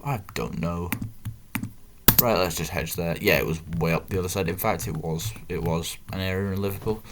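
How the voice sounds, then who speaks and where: This gaming video host from northern England has a low voice and a moderate pace, with heavy background noise behind him. He's a chatty man giving casual gameplay commentary, self-deprecating and muttering asides as he thinks aloud.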